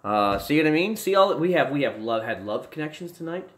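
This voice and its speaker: A young man casually chatting to his livestream viewers from a room at home, rambling, restarting sentences and breaking into excited bursts. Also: fairly high pitch, a little fast. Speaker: livestream host. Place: home room with desk and gear.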